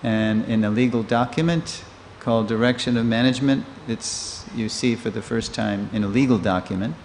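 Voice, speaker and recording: An older man lectures in a temple hall, his voice carrying a long reverb over a faint hiss. He is a lively storyteller who slips into the voices of the people he quotes, with an ordinary mid-pitched tone. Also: moderate pace. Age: 60s. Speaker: lecturer giving a scripture class. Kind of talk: storytelling scripture class.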